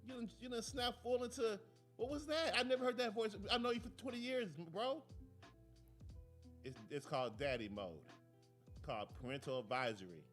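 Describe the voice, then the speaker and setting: A man's voice: extremely high pitch, moderate pace, faint music behind. A man hosting a talk show, ranting and telling stories in a casual, profane, digressive way from a studio. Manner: animated, profane, digressive storytelling. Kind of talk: casual rant and commentary.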